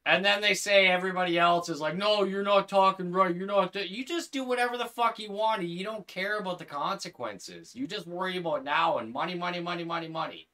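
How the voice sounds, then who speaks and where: A man with a bright, forceful voice and a slightly high pitch hosts a gaming livestream. He talks casually into a headset, swearing freely and working himself into heated rants. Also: animated, brisk, hardly any pauses. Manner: profane, heated ranting.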